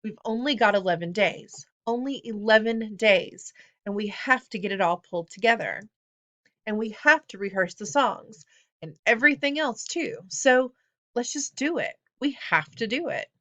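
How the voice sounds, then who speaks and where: A woman reads out a young boy in charge of a school choir, earnest and bossy in a storybook reading. His voice sits a touch higher than the narration and turns commanding. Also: lively intonation, moderate pace, a bit bright. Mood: stern. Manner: pleading then commanding.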